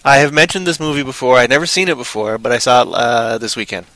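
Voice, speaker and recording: A man co-hosting a casual podcast chat, rambling and joking, often breaking into loud silly voices. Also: medium pitch, fairly even intonation, quick pace, no echo, poor audio. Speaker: podcast co-host.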